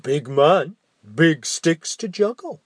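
A storyteller voicing a hulking male ogre who speaks slowly and deliberately, with a husky voice. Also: mid-range voice, expressive, dry recording, studio quality, pitched above the performer's own voice. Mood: sly. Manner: drawn-out, slow and deliberate. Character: slow hulking male ogre, sly and calm.

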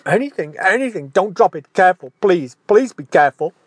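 A man's voice: fairly high pitch, unhurried, darkish tone, no echo, voice pushed up. A man voicing a frightened male giant who begs for his heart in a storybook tale. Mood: terrified pleading. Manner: begging, frantic.

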